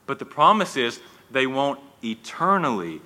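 Bright-voiced male preacher, echoing hall. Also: mid-range voice, sing-song, unhurried. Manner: conversational, with frequent restarts and folksy asides. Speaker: pastor. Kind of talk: sermon. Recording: long reverb in a hall.

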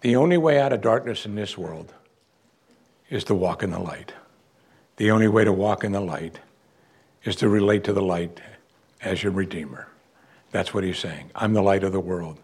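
A man's voice: on the low side, expressive, moderate pace, pauses often, a little mellow, husky. A man preaching a sermon, reading scripture aloud and explaining it with emphatic delivery. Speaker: pastor.

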